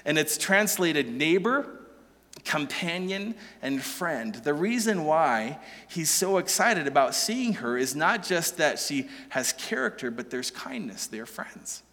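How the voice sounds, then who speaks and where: A man preaching a sermon, animated and joking, asking the listeners question after question. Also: on the high side, takes it slowly, long reverb tail. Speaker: pastor.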